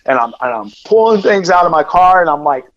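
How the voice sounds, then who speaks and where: A man telling a personal story as a podcast guest, rambling and animated, with lots of fillers and repeated words. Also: a little high, fairly quick, muffled recording. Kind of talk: casual storytelling.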